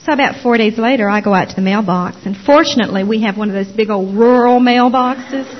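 A woman telling her personal testimony as a former Jehovah's Witness, expressive and dramatizing the story with little voices. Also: fairly high pitch, fairly quick, a little hiss or hum. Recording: dull lo-fi recording.

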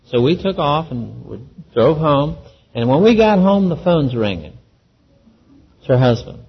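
A man's voice: a little high, very animated, a little slow, creaky, slightly rough. A man telling a personal faith testimony in an earnest, folksy way, acting out the voices of the people in his story. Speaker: Christian speaker giving a testimony. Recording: dull lo-fi recording.

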